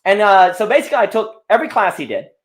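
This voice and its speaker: A man speaks as a conversation guest, his voice sitting a little high and swinging widely in pitch as he tells stories. He talks in loose, rambling runs, often restarting his sentences and tumbling into asides. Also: fast talker. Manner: animated, rambling storytelling with frequent restarts. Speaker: podcast guest. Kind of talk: casual conversation.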